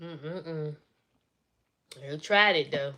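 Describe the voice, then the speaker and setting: A woman's voice: low voice, drawn-out words, bright, forceful tone, slight background noise. Chatty woman venting on a live stream. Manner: chatty, vents as she retells family drama. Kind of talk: casual live-stream storytelling.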